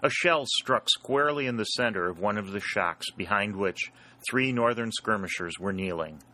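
A man reading an adventure story aloud as its narrator, in a steady, dramatic storytelling manner. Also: lowish voice, normal speed. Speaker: audiobook narrator. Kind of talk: scripted narration.

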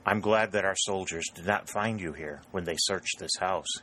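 A man's voice: sits low, normal speed, pushed and bright, a little hiss or hum, low-quality recording. A man voicing a proud, earnest young soldier who talks in a stiff, earnest way in a read-aloud story.

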